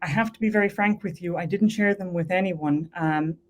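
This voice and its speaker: An earnest woman from Ireland recounts her personal faith story. Her voice sits low for a woman. She leans on repetition to stress her points. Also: fairly quick. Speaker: guest.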